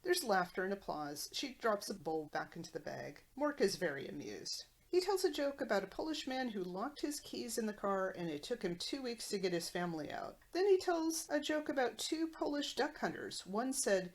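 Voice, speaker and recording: A woman's voice: mid-range voice, very animated, normal speed, hardly any pauses. A woman podcast host recapping a sitcom episode with wry commentary.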